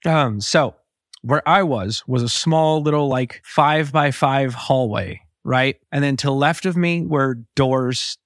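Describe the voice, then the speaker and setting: A man hosting a podcast tells a story in a loose, profane monologue. He slips into the voices of the people he quotes, and his voice sits at an ordinary pitch for a man. The recording is close and dry, with no room echo. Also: lively intonation, slow pace, a bit bright. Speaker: podcast host.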